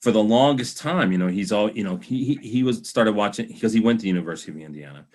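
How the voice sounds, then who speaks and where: A man's voice: lowish voice, lively intonation, fast talker, darkish tone. A man hosting a podcast, chatting casually with frequent fillers as he asks about his guest's past. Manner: conversational, with fillers. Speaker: podcast host. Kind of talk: casual interview.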